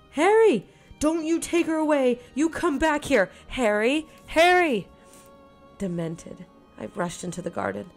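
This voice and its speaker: Woman narrating a horror story, slightly low voice. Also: gravelly, a little mellow. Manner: tense, dramatic first-person reading.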